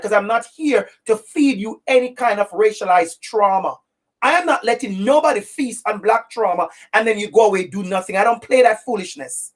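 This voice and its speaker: A woman with an accent giving an impassioned webinar talk as an anti-racism educator, speaking directly and repeating phrases for stress. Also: on the high side. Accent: non-native English accent.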